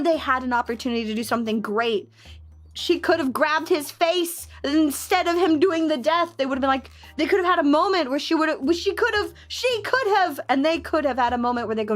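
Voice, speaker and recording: High-voiced young woman ranting animatedly. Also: expressive, a little fast, soft background music. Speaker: VTuber streamer. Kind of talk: casual chat with live chat.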